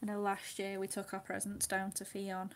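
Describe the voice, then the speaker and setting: A woman's voice: medium pitch, monotone, normal speed, slight background noise. A woman chatting casually while she colours, laughing often and dropping to a near whisper when she concentrates. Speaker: craft livestream host.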